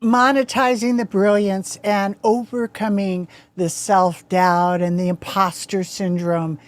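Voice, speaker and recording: A woman's voice: medium pitch, little pitch movement, takes it slowly, dry recording. Chatty woman podcast host. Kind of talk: podcast interview.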